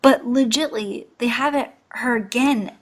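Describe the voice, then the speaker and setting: A woman with a fairly high voice talks through a drama in casual chat. She rants with animated exasperation, stacking up questions. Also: a little slow. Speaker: drama review co-host.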